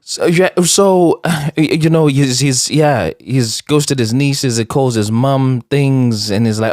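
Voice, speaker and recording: A man's voice: mid-range voice, takes it slowly, hardly any pauses, darkish tone, dry recording, studio quality. A man hosting a podcast, listening closely and commenting in a casual chat. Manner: attentive listener, frequent "mm". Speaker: podcast host.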